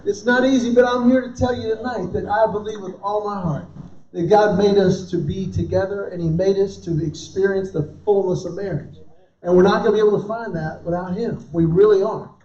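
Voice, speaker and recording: High-voiced man in his fifties doing stand-up. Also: fairly quick. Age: 50s. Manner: animated storytelling, acting out quoted dialogue. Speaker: comedian. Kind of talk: stand-up comedy at a church event. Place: large hall before a live audience. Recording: roomy, distant, dull hall recording.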